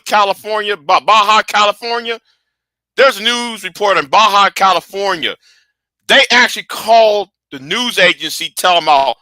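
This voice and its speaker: A man with a very bright, sharp voice talks in a lively, rambling way, often stumbling over restarts. His pitch swings widely as he reacts, then drops low to a mutter. The sound is dry and close to the mic. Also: dry recording. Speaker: commentary host. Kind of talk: casual commentary.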